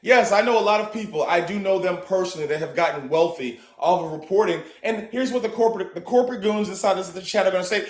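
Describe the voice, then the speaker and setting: A man hosting a livestream, hyping the audience and preaching about business, swinging between loud and hushed. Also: sits high, lively intonation, fairly quick, hardly any pauses, echoey room. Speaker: livestream host. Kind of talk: hyped livestream talk.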